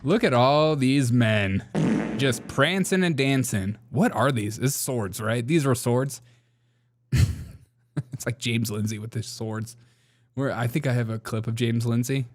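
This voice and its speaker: A man's voice: medium pitch, unhurried. A man hosting a political commentary show, reacting to clips with sarcastic casual talk and frequent laughter. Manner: sarcastic, laughs often while talking.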